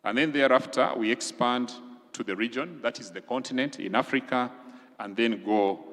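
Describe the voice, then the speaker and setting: A man from Uganda, a government official giving a formal, measured briefing to legislators and listing items one by one. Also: medium pitch, a bit bright. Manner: measured, explanatory, lists items deliberately. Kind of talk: formal presentation. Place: large conference hall. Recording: long reverb of a large hall.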